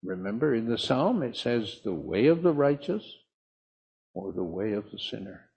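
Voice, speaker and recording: An older man from the south of England, preaching a sermon in a slow, emphatic storytelling manner. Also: lowish voice, very animated, creaky, darkish tone, breathy edge.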